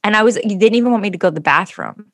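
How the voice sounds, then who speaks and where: Animated woman telling a story. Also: medium pitch, very fast. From Canada. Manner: animated storytelling, acting out dialogue. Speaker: podcast co-host. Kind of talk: casual chat.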